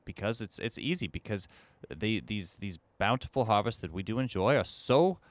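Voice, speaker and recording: A man's voice: on the low side, animated, normal speed, natural voice. A man playing Abraham Lincoln on a comedy podcast, speaking in formal, old-fashioned, sermonizing sentences. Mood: solemn. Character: Abraham Lincoln, dead president back to banter, solemn preachy. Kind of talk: comedy podcast character bit.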